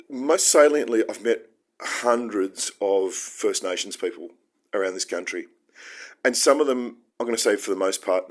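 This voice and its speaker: An Australian man hosting his own show, talking through his feelings in an earnest, heartfelt and rambling solo monologue. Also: lowish voice. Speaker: podcast host.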